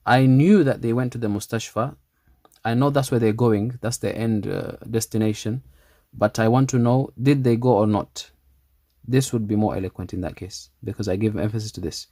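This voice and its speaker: Male language teacher, mid-pitched voice, patient and repetitive, close dry sound. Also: mellow, dry recording. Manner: reads Arabic lines slowly, repeats them, then translates. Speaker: Arabic teacher. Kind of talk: explaining a textbook dialogue.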